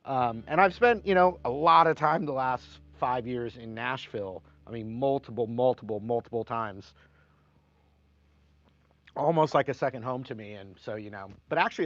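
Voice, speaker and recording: A man's voice: medium pitch, dry recording. A man teaching guitar in a casual live stream, chatting and reading viewer comments aloud between playing. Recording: slightly dull sound with guitar playing.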